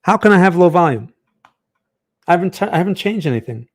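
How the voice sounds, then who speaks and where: His voice is high-pitched, animated and fast as he hosts a live market analysis stream for his trading channel. Chatty yet tired, he reads out viewer chat, asks "right?" often, and sits close to a studio mic.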